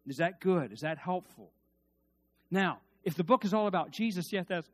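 A man preaching a sermon in a conversational way, swinging from quiet asides to loud, emphatic peaks, with restarts and repeated words. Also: on the high side, animated, a little fast.

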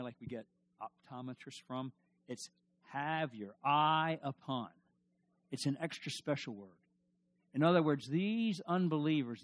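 A male pastor preaching a sermon emphatically, repeating his questions and swinging from loud to hushed. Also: on the high side, no room sound.

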